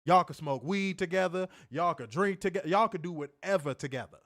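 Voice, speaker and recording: A man co-hosting a casual streamed chat, telling stories in an animated, profane way with loud bursts. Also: high-pitched, moderate pace, no room sound, clean studio sound. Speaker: co-host of a wrestling review show.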